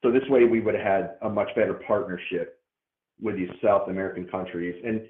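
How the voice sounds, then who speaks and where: A man's voice: deep voice, steady tone, a little fast. Hesitant man on a tinny call. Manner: hesitant, restarts and repeats words. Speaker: caller in a debate. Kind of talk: casual debate. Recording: tinny phone line.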